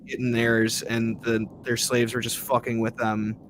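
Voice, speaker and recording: Man, podcast host, reads aloud, cuts in with swearing and laughs, average pitch, faint hiss behind. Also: monotone, unhurried. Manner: profane, laughing asides. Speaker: podcast host reading a ghost story. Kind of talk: casual chat, reading aloud with asides.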